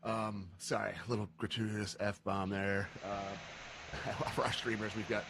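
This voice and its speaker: A man hosting a livestream, talking in an earnest, impassioned way with many fillers and halting restarts. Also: on the low side, level tone, fairly bright tone. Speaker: livestream host. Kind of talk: emotional livestream talk.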